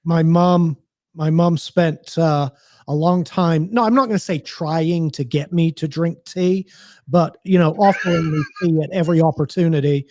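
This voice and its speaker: Halting male podcast co-host. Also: on the high side, steady tone, darkish tone, dry recording. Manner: halting, restarts sentences. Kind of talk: casual podcast banter.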